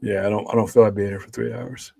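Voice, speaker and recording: A man's voice: on the low side, little pitch movement, quick pace, creaky, dark tone, rough recording. A man hosting a charity movie livestream in casual chat, rambling and swearing freely. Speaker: livestream host.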